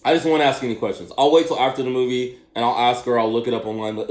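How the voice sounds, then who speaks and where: A middle-aged man talks in a loose, rambling monologue at a quick clip. He is animated and laughs often, and his voice carries a roomy echo. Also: mid-range voice. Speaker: speaker telling a personal story.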